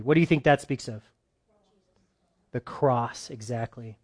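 Chatty preacher, a man with a slightly high voice. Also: unhurried. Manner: chatty, asks listeners questions, swings between loud and soft. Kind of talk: conversational sermon.

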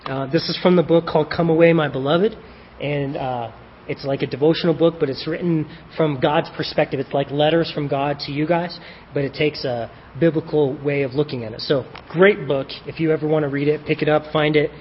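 A man with a fairly high voice preaches a sermon, posing questions and answering them himself, and reads a devotional in an old-fashioned scriptural style. His voice carries a long reverb on a dull, slightly muffled recording with faint background noise. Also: steady tone, fairly quick. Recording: dull, echoey hall with faint hiss.

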